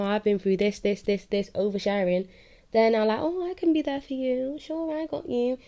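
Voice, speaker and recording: A woman's voice: fairly low pitch, mellow. A young woman vlogging a candid, confessional monologue, rambling and often checking that the listener follows her. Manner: rambling, keeps asking "do you know what I mean".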